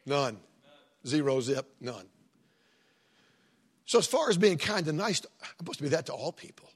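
A man's voice: a little high, very animated, normal speed, breathy edge. A middle-aged man preaching a sermon as pastor, in a folksy, conversational way with joking asides.

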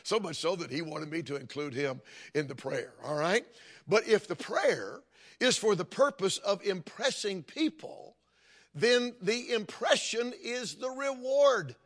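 An older man preaching a sermon, telling stories and building to emphatic, forceful points. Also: sits high, lively intonation, a little slow. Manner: storytelling preacher, rising to emphatic calls. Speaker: pastor.

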